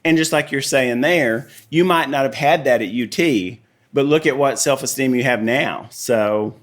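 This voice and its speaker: Relaxed Southern man telling stories. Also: mid-range voice, moderate pace. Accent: Tennessee Southern. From Tennessee. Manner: relaxed storyteller, many you-knows. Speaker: artist and guest. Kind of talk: casual interview chat.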